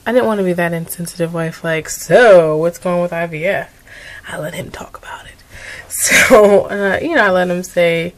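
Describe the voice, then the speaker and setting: Tired young woman rambling in her video diary, kinda low voice, emotional. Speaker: vlogger.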